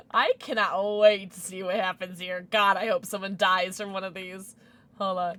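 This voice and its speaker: A young woman streaming a game to her chat, giggling a lot and shrieking with excitement. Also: medium pitch. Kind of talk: livestream game commentary.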